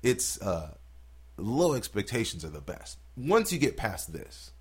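A man's voice: lowish voice, unhurried, slightly rough. A man, a stand-up comedian, telling stories in casual podcast talk, swearing freely and acting out what people said. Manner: profane, animated storytelling with acted-out quotes.

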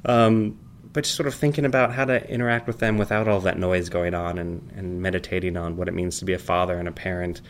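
A man in his thirties chatting casually and rambling, telling family stories with animated, high-pitched quoted voices. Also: fast, slight background noise. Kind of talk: casual chat.

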